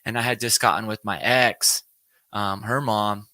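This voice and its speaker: A man in his thirties telling his recovery story in a relaxed, rambling way, often adding "you know what I mean". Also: on the low side, a little slow, no room sound, clean studio sound. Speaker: podcast co-host sharing his recovery story. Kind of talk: casual conversation.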